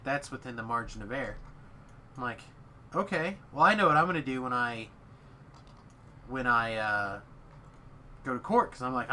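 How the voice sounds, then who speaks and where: A man's voice: medium pitch, sharp tone, a little hiss or hum. A man casually telling a story, acting out what each person said in quotes. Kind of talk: casual chat.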